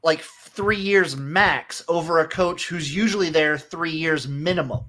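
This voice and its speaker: Male podcast co-host, slightly higher voice, relaxed picks chat with a blunt edge. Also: a little slow. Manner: laid-back, opinionated, swears casually. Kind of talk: casual sports betting chat.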